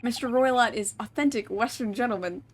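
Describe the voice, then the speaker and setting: Woman doing a gruff, curt sailor guard. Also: fairly high pitch, a little fast, slight background noise, natural voice. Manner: broken clipped English, curt. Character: gruff male sailor guard, blunt and scornful.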